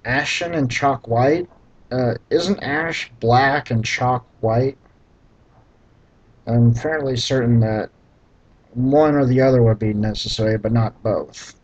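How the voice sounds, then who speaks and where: A man reading a badly written novel aloud and breaking off for deadpan, sarcastic, profane commentary. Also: mid-range voice, takes it slowly, lo-fi sound. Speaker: reader mocking a book.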